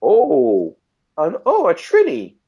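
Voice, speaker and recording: A man's voice: mid-range voice, sing-song, fast talker, breathy edge, highs cut off. A man quoting a teasing woman chef. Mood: friendly. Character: chatty woman chef abroad, friendly, teasing.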